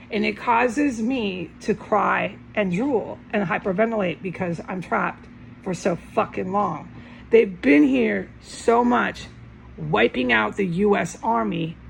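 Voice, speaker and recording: A woman rants into her camera from indoors, agitated and swearing hard. Her voice carries a rough, gravelly fry, pitched in an ordinary middle range. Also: a little hiss or hum, rough recording. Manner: agitated, ranting, heavy swearing. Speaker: vlogger. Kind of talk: angry rambling monologue to camera. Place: indoors at home.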